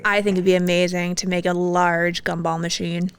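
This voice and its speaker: Female podcast co-host, smooth clear voice, playful and quick to laugh. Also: fairly low pitch, level tone. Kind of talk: casual chat.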